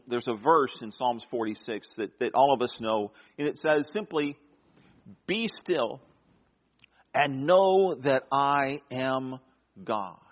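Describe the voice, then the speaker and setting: A man preaching a sermon, telling a story with dramatic pauses and soft drops in his voice. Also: medium pitch, in a large hall, muffled recording. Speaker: pastor.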